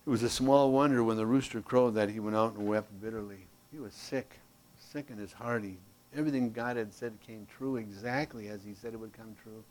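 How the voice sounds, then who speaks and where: A fairly low-voiced man runs a Bible class off a handout, talking a little fast. He's animated and folksy, slips in playful remarks, and shifts from forceful to hushed volume.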